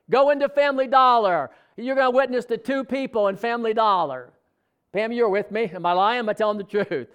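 Preacher, male, high-pitched, animated storyteller voicing quoted lines, casual sermon delivery. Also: clear, resonant tone. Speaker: pastor.

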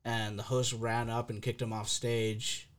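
A man hosting a podcast in calm, laid-back casual chat, trading stand-up stories with his guest. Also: mid-range voice, a little slow.

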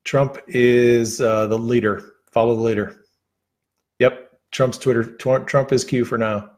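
A man talking loosely to his viewers on a livestream, his voice worn down after a long session. He wanders through his thoughts with plenty of fillers, false starts and restarts, sitting at a mid pitch for a man. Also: steady tone, a little mellow. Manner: rambling, halting, with many fillers and restarts. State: losing his voice. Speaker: livestream host. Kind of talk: casual livestream chat.

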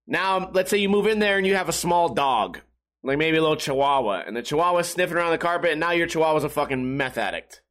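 A man's voice: fairly high pitch, lively intonation, fast talker, fairly bright tone. A man hosting a casual solo podcast, rambling in a profane, sarcastic, self-mocking way. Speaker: podcast host.

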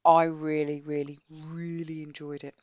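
A British woman co-hosting a podcast talks casually about a book she read, her voice deep and unhurried, in a recording with no echo and the highs cut off. Chatty, blunt and expressive, she also reads a synopsis aloud.

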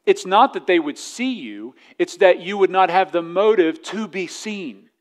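Animated high-voiced pastor preaching. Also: male voice, measured pace. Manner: animated, teasing the congregation; reads scripture aloud in King James wording. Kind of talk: sermon. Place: church service before a congregation.

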